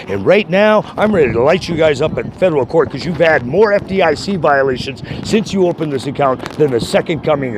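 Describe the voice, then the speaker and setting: A man's voice: a little high, slight background noise. Furious swearing man on the phone. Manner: furious, shouting, swearing constantly. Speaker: caller. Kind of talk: angry phone call to a bank.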